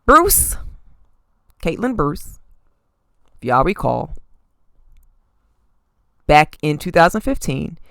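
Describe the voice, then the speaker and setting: A sassy woman rattles off celebrity gossip as a podcast host, leaning on pointed "okay?" asides. Her voice sits a little low with a gravelly edge. Her pitch swings widely, and the recording is dry and close. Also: big pitch swings, takes it slowly, pauses often, fairly bright tone, no room sound. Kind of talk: casual celebrity gossip commentary.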